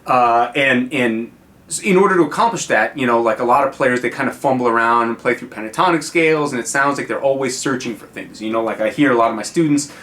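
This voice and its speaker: Talking fast in a mid-range, fairly bright voice, a man from the United States teaches a casual guitar lesson on video. His chatty delivery is packed with fillers and frequent "right?" check-ins.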